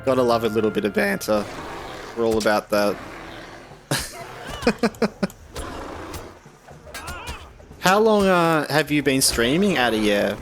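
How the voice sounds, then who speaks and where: A man's voice: mid-range voice, big pitch swings, fairly bright tone, soft background music. A young Australian man casually streaming a game, bantering with chat and laughing often. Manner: laid-back banter, laughs often, slow drawl.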